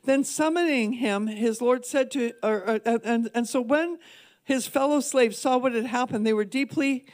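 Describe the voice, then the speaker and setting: A woman's voice: on the high side, normal speed, a little mellow. A woman minister preaching a sermon with earnest emphasis, repeating key points for weight. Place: church.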